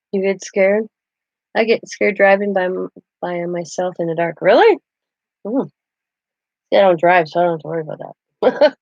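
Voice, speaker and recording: A woman's voice: mid-range voice, normal speed, long pauses, darkish tone, no room sound. A woman hosting a casual craft livestream, chatty and rambling as she talks to her chat while she works. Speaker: craft channel host. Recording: dull lo-fi dry sound.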